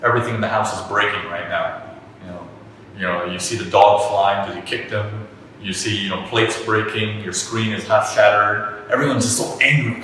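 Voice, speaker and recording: Energetic male trading teacher, echoey hall. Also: on the low side, moderate pace, far from the mic, a little hiss or hum. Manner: energetic, repetitive, acts out examples. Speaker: trading instructor. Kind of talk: animated teaching talk.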